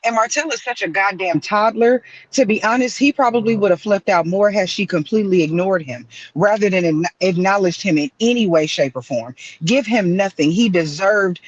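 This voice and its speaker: A woman's voice: medium pitch, a little fast, hardly any pauses, no echo, lo-fi sound. A woman joining a live stream from her car in a drive-through line, giving blunt, profane opinions. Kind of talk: casual opinionated chat.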